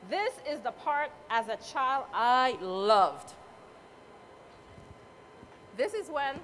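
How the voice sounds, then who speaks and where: A woman's voice: on the high side, a bit bright, slight background noise. A woman doing a live cooking demonstration at a competition, chatting to the audience and judges in a motherly, playful way as she cooks. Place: cooking competition event space.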